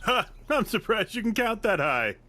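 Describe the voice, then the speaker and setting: A man's voice: high-pitched, very animated, moderate pace, pushed and bright, pitched above the performer's own voice, full character voice. A man voicing a boastful teenage scout who teases his rival. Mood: teasing. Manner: teasing, boastful. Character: cocky teenage boy scout.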